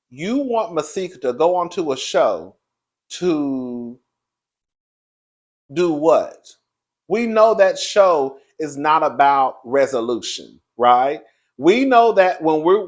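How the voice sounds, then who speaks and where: Man, higher-pitched voice, sassy, gossipy, animated, reaction commentary. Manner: animated, gossipy, quick laughs. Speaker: commentary vlogger.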